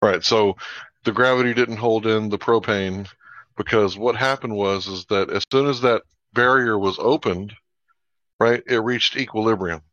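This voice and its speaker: A man's voice: on the low side, normal speed, fairly bright tone, dry recording. A man hosting a live stream, pressing his guest with pointed debate-style questions. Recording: dull lo-fi dry sound.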